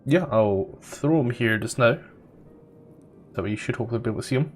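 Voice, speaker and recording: A man's voice: mid-range voice, fairly quick, long pauses, soft background music. Scottish man running a tabletop game. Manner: easygoing, lots of fillers and throat clearing. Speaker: game master.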